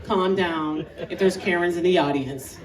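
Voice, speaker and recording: A woman in her thirties from Canada doing a stand-up comedy set on an outdoor stage, animated and laughing through her punchlines. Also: lowish voice, moderate pace, noisy background. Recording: echoey outdoor set from a distance, crowd laughter.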